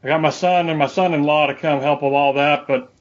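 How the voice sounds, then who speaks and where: Folksy older southern neighbor, put on by a man, drawling and plain, slightly higher voice, lo-fi sound. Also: fairly even intonation, fairly quick, lightly acted. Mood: matter-of-fact.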